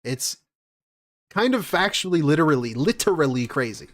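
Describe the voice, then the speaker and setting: A man's voice: a little high, sing-song, moderate pace, a bit bright. A man giving casual reaction commentary, mocking and incredulous, often laughing at what he hears.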